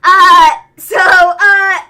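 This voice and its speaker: A young woman co-hosting a casual wrestling review livestream, talking in a bubbly, rambling way and quick to laugh. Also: very high-pitched, flat delivery, raised voice, noisy background. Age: young adult. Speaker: wrestling show co-host.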